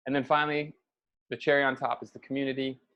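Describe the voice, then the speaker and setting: A man's voice: medium pitch, little pitch movement, fast talker, a bit bright, smooth, muffled recording. A man hosting a recorded session, upbeat and encouraging as he introduces the upcoming training. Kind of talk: promotional introduction.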